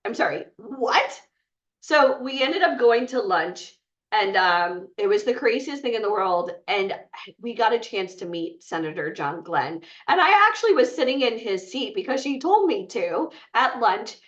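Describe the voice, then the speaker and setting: A woman's voice: a little high, animated, a little slow, a bit bright, recorded from a distance, lo-fi sound. A woman speaking to a live group, retelling a personal story in a chatty way with many fillers. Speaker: bootcamp speaker.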